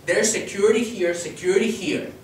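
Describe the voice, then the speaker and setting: A man with a fairly high voice tells an animated story to an audience, acting out quotes and checking in with "right?". He stands well back from the mic in a very echoey hall, with a faint hiss behind him. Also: a little fast, distant mic. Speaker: activist speaker. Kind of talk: public talk to an audience. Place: lecture hall.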